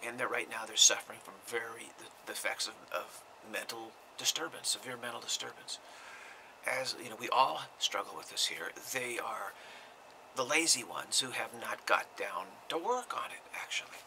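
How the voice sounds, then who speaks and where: A man, a spiritual teacher, giving an informal talk to viewers, often dropping into a breathy whisper and repeating words as he goes. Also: mid-range voice, normal speed, background noise.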